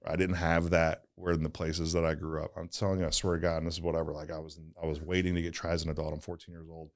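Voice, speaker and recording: A man's voice: a bass voice, level tone, fast talker. A man from the St. Louis area, a guest on a casual interview podcast, telling personal stories in an earnest, rambling way full of "like" and "right?". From St. Louis area, USA. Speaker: podcast guest, donut shop owner.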